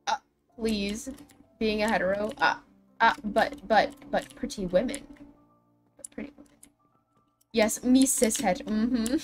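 A woman's voice: mid-range voice, fairly even intonation, unhurried. A young woman livestreaming a building game, chatting with her viewers in a dramatic, self-mocking way. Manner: chatty, dramatic, self-deprecating, talks to chat. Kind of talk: casual game stream chat. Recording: faint music behind.

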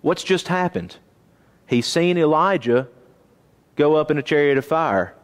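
A man teaching a Bible class in a church auditorium, lively and questioning his listeners. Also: fairly high pitch, unhurried. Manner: animated, asks the class questions. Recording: long reverb of a church auditorium.

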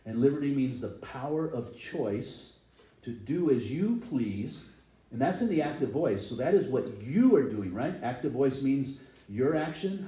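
Pastor with a mellow, roomy voice. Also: male voice, medium pitch. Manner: conversational, acts out quotes in voices. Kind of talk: sermon. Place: church.

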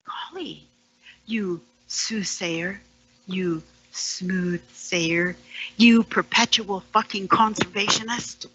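A woman performing a poem as a storyteller, sardonic and dropping into hushed whispered asides. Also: mid-range voice, slow pace, breathy edge, highs cut off. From Canada, Ontario. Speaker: storyteller and poet. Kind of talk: dramatic poetry performance.

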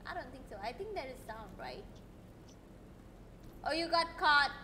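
Animated young woman streamer. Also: sits high, a little slow, slight background noise. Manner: excitable, chatty, reads game lines aloud. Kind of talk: live game commentary.

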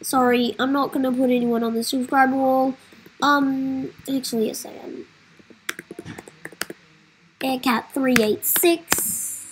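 A woman's voice: sits high, level tone, takes it slowly, pauses often, a little hiss or hum, poor audio. A woman hosting a casual game playthrough, speaking straight to her viewers in a melodramatic way. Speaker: gaming channel host. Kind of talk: casual let's-play commentary.

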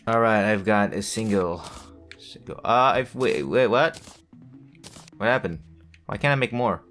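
A man's voice: lowish voice, measured pace, fairly bright tone. Male gamer, rambling self-talk with jokey asides, faint game music underneath. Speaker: gaming video creator. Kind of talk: casual gameplay commentary.

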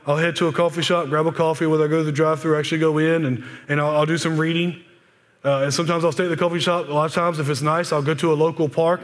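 A pastor in his forties giving a conversational sermon, often dropping to a soft, hushed voice. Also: on the high side. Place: church sanctuary. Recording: long church-hall reverb.

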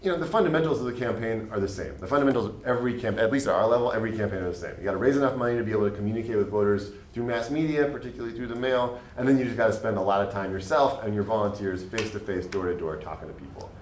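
A man's voice: lowish voice, rapid-fire, few pauses. Rambling young man in an echoey hall. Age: late 20s. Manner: earnest, rambling with many fillers. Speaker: state legislator. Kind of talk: panel discussion answer. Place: public panel event room. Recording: echoey room, faint background noise.

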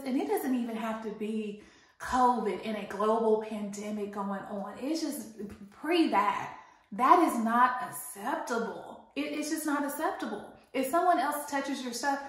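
Woman, animated storytime rant, indignant, slightly high voice, very echoey room. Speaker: vlogger.

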